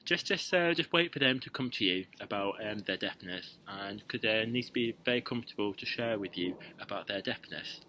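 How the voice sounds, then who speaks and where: A man's voice: on the low side, fairly quick, hardly any pauses, bright, forceful tone, slight background noise, low-quality recording. A young man giving casual, playful dating advice to camera, chatty and full of ums and restarts. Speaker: vlogger giving dating tips.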